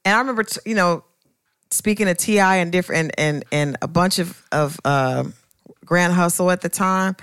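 A woman co-hosting a podcast, a writer, asking curious questions and chiming in with quick agreement. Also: on the low side, fairly bright tone, clean tone, dry recording, clean studio sound. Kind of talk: casual podcast chat.

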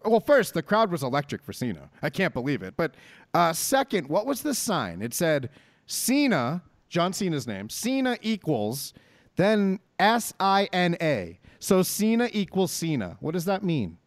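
A man hosts a podcast in loose, casual chat, cursing freely and hyping things up with mock enthusiasm. His voice sits a bit high and swings widely in pitch. The sound is dry and close. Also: huge pitch swings, unhurried, no echo. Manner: profane, riffing, mock-hyped. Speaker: podcast host.

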